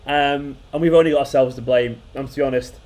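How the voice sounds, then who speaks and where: A man's voice: mid-range voice, steady tone, fast talker, darkish tone. A man hosting a football fan channel, reacting live to a match in an exasperated, swearing rant that keeps repeating itself.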